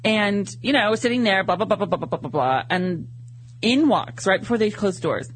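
A man chatting as a talk show guest, telling an animated story and acting out his own reactions. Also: high voice, moderate pace, slight background noise. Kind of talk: casual talk show chat.

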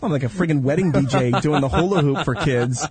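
A man's voice: fairly high pitch, a crowd in the background. A middle-aged man who works as a radio DJ, co-hosting a show with casual joking banter. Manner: joking, quick and animated. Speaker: radio DJ co-host.

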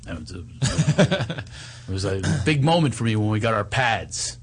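A man's voice: fairly low pitch, measured pace, breathy edge. A middle-aged man hosting a radio show, teasing his co-hosts in casual banter and reading an ad. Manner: teasing, joking, animated.

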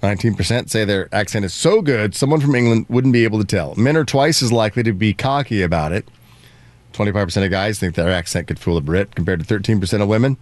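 A male morning radio host with a lowish voice. He banters fast and mocks callers who fake an accent. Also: no echo. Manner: bantering, quick to mock.

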